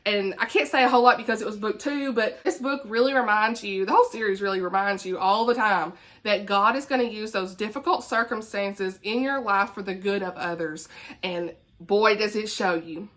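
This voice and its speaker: A woman's voice: mid-range voice, moderate pace, a bit bright. Bubbly Southern woman chatting about books. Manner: chatty and laughing, with folksy asides. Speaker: book vlogger. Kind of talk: casual chat.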